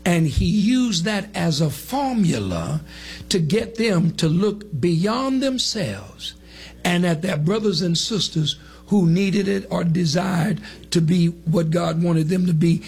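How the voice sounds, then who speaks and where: A preacher, a man with a high, gravelly voice, building his sermon in rising, emphatic waves. Faint music sits under his words. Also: expressive, slow, darkish tone. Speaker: pastor.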